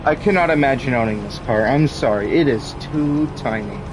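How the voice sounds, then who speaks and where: Over loud background game music, a male streamer offers casual commentary on his racing game in a mid-range voice at ordinary speed. He complains theatrically in a mock-formal style, and the audio quality is low.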